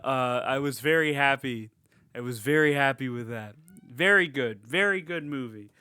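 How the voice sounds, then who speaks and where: A man co-hosting a podcast, recapping a horror film in a casual, animated way, full of swearing and fillers. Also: medium pitch, normal speed, clear, resonant tone, dry recording, clean studio sound. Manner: animated, profane retelling with frequent fillers. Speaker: podcast co-host. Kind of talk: casual movie recap chat.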